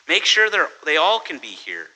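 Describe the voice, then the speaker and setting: A man's voice: on the high side, huge pitch swings, moderate pace, bright, forceful tone, rough recording. A man preaching a sermon in a conversational way, often restarting phrases and checking in with "right?". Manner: conversational, self-correcting, tells jokes with quoted voices; repeats words and asks "right?". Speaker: pastor. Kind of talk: sermon with humorous story.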